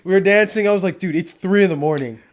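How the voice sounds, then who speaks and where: A man's voice: high-pitched, fast talker. Laid-back young man telling a story. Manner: swearing, laughing, telling a travel story. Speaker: podcast co-host. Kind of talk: casual storytelling chat.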